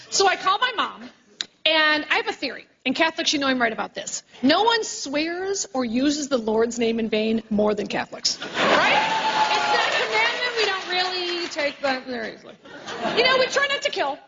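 A woman comedian performing a brash live stand-up set, teasing the crowd and swearing freely. She is on stage before a live audience, in a dull recording over loud crowd noise. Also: very high-pitched, big pitch swings, moderate pace.

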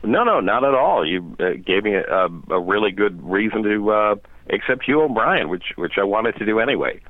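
A man's voice: lowish voice, sing-song, moderate pace, no room sound. A man calling in to a radio show, friendly and polite, who laughs easily. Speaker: caller. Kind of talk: radio call-in. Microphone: telephone. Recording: tinny phone line.

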